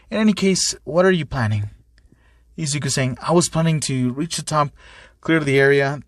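A man's voice: no echo, clean studio sound. A man narrating a fan story, reading every character's lines in the same voice. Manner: reads every part himself, shifting pitch for each character.

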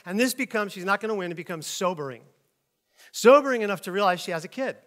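Man, middle-aged, preacher, sermon, high voice, bright tone, animated storytelling. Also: brisk. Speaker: pastor.

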